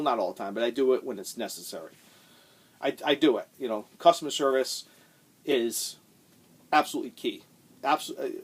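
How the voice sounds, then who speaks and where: Man, middle-aged, vlog host, casual rant, swearing, rambling, middle pitch. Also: breathy edge. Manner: heated, swearing, repeats himself. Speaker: channel host.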